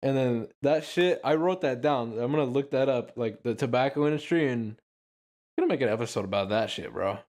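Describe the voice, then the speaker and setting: A man's voice: medium pitch, fairly quick, a little mellow. A young man hosting a casual podcast, talking in a loose, rambling way full of fillers and swearing. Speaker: podcast host.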